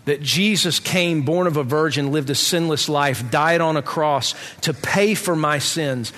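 Middle-aged man, testimony storyteller, animated and comic, bright tone in a reverberant hall. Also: on the high side, unhurried. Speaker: speaker giving a personal testimony.

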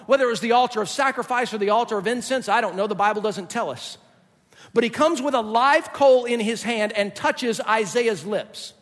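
A man's voice: very high voice, moderate pace, a bit bright. A male pastor preaching a sermon in an emphatic, explanatory way. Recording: long reverb of a large hall.

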